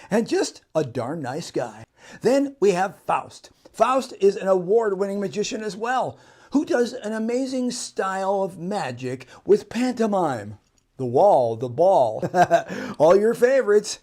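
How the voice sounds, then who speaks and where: A jokey, folksy male magician with a fairly high voice who chuckles through his showman patter. He sounds set back from the mic in an echoing room, with faint noise behind him. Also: darkish tone. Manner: jokey, chuckles often, cowboy-flavored folksy talk. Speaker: magician and variety performer. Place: live stage show with audience. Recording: roomy, distant, with faint noise.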